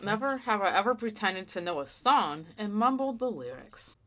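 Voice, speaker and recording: A woman's voice: mid-range voice, expressive, moderate pace, a bit bright. A woman hosting an eating show, chatting casually and rambling with lots of fillers. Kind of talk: casual chat while eating.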